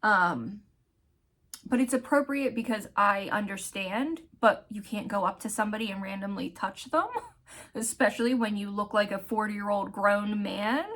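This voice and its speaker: Woman, vlogger, mid pitch, candid casual storytelling, heartfelt, frequent ums. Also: moderate pace, a bit bright. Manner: candid, heartfelt, searching for words with many ums.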